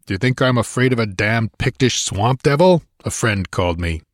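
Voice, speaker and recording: A man voicing a gruff, impatient barbarian warrior who talks bluntly. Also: mid-range voice, animated, normal speed, no echo, studio quality, voice pushed up, close to an everyday voice. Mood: defiant.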